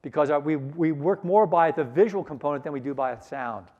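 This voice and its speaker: Energetic man leading a sales seminar. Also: fairly high pitch, a little fast, highs cut off. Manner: energetic, coaxes audience to repeat phrases. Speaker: sales trainer. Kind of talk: conference seminar talk.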